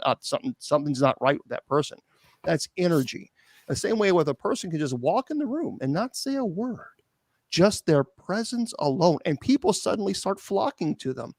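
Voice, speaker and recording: A man's voice: fairly high pitch, darkish tone, no echo. Man explaining with stumbling restarts. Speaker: guest bishop. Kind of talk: talk show commentary.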